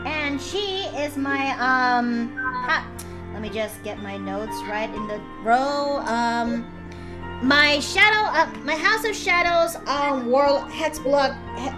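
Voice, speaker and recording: A woman's voice: sits high, slow, music in the background. A woman streamer chatting casually and giggling as she draws on stream. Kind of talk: casual chat while drawing.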